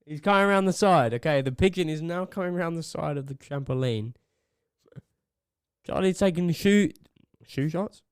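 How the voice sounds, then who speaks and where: A young man co-hosting a podcast, giving excitable running commentary between laughs at a desk mic in a small home studio. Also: a little high, moderate pace, clean tone, no room sound. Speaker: podcast co-host. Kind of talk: casual chat.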